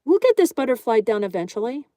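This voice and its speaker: A woman's voice: fairly high pitch, very animated, quick pace, warm tone, no echo, studio quality. A woman hosting a live art stream in a casual way, reading viewer comments aloud and greeting each viewer. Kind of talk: casual live-stream chat while drawing.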